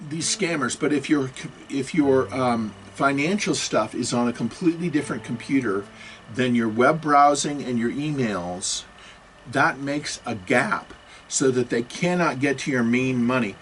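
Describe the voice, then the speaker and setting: A man's voice: medium pitch, measured pace, a bit bright, a little hiss or hum. Agitated, rambling man lecturing. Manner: agitated, apologetic, many restarts. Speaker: computer security educator. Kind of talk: self-recorded talk.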